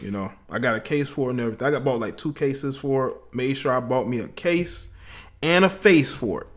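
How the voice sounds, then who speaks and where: A man hosts a casual livestream call-in show in an animated, medium-pitched voice at a slightly quick pace, using slang and chuckling as he reads comments from viewers.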